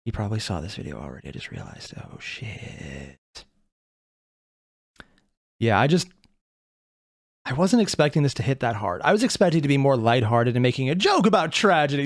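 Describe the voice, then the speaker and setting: A reaction video host giving casual commentary, animated, thinking aloud and swearing often. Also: mid-range voice, moderate pace, long pauses, dry recording, clean studio sound.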